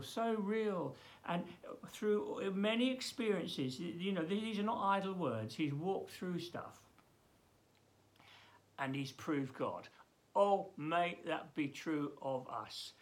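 Male pastor, fairly high gravelly voice, earnest devotional reading. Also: a bit bright. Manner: earnest, emphatic, halting with many restarts. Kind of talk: daily devotional Bible reading.

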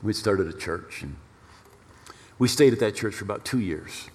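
A male pastor preaching a storytelling sermon in an animated way, repeating words for emphasis. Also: fairly low pitch, moderate pace, husky. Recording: long reverb of a large hall.

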